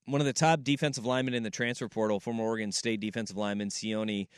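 A man's voice: lowish voice, steady tone, smooth, dry recording. Sports radio guy in the studio, punchy and opinionated, dry close mic. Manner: emphatic, opinionated, quick to agree. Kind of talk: sports talk radio chat. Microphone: studio microphone.

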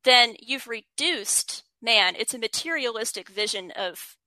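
Bright-voiced woman explaining earnestly. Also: a little high, animated, unhurried, dry recording, rough recording. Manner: earnest, frequent restarts, reads quotes aloud. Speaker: writer, interview guest. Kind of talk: thoughtful conversational explanation.

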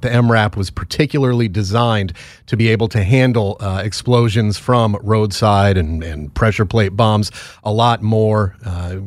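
A man's voice: medium pitch, no echo, studio quality. Joking, rambling male podcast host. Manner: rambling, joking, with many fillers. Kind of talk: casual morning show chat.

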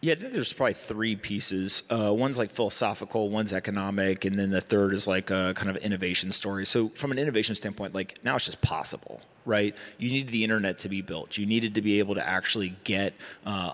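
On a conference stage, a male guest investor makes his points forcefully during a panel discussion, peppering them with rhetorical asides. He has a lowish, slightly bright voice, and the recording carries a big-room sound.

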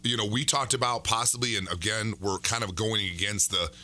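A man co-hosting a fitness chat show, talking in a casual, joking way. His voice sits a little low but has a bright, forceful edge. He teases and rambles in quick bursts. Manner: joking, teasing, talks in quick run-on bursts. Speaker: fitness podcast co-host.

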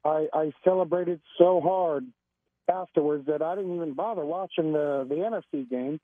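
Emotional caller on a tinny phone. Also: male voice, on the high side, normal speed, dry recording. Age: 40s. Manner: emotional, rambling, stammering. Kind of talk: excited call-in chat. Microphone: telephone.

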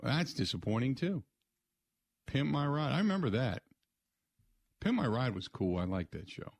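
A man's voice: medium pitch, sing-song, normal speed, creaky, slightly rough, no room sound, clean studio sound. A man hosting a sports radio show, rambling and joking through casual rants. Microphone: studio mic.

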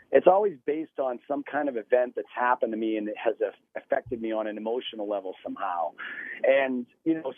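A man calling in as a guest on a radio show, telling stories in a chatty, animated way. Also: mid-range voice, dry recording. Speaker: guest musician. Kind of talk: phone interview. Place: radio phone-in. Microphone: phone line. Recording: tinny phone line.

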